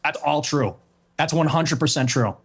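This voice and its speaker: A man's voice: fairly high pitch, moderate pace, slightly rough. Blunt man giving curt answers. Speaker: interview guest. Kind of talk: televised interview.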